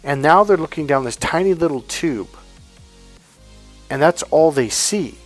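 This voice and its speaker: Slangy male coach acting out quick dialogues. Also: on the high side, animated, faint music behind. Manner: loose, slangy, acts out little dialogues in quotes. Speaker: relationship coach. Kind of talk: casual monologue to camera.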